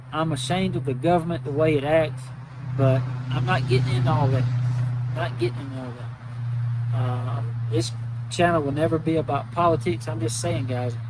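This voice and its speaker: An older man speaks straight to his viewers in a casual, deeply felt way, circling back to the same words as he gets emotional. His voice sits a little high for a man, with a faint hiss of noise under it. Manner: emotional, humble, repeats himself. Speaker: knife channel host. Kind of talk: casual heartfelt talk to viewers.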